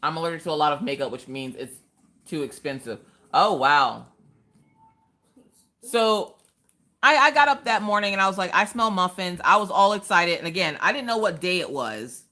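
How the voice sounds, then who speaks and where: Woman, low-pitched, casual livestream host, storyteller who acts out quotes. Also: expressive, moderate pace, long pauses, sharp tone. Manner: chatty storytelling, acts out quotes, talks to chat. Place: home.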